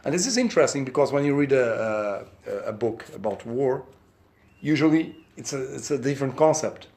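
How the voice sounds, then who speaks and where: A man's voice: medium pitch, lively intonation, brisk, a little mellow. A middle-aged man from Portugal with a Portuguese accent, an author speaking English at a press conference. He talks in a chatty way and explains his points through anecdotes and examples.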